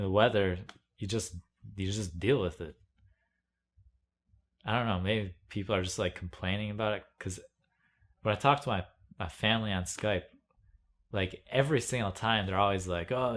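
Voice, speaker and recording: Young man, very low voice, rambling casual monologue, meandering, wry. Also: fairly bright tone. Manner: meandering, many "like"s, wry and self-mocking. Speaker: video blogger.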